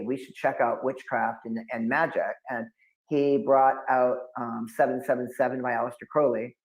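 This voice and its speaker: A man in his fifties from New England, telling long stories as an occult expert guest and acting out the people he quotes. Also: mid-range voice. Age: 50s. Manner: animated storyteller acting out quotes. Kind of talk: storytelling interview. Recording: roomy echo.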